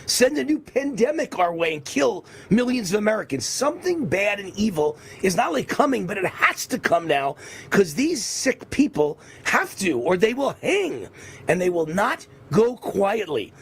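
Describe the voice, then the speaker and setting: Male talk show host, high raspy voice, emphatic and repetitive. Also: sing-song, moderate pace. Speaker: radio and TV host. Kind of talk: political talk show monologue.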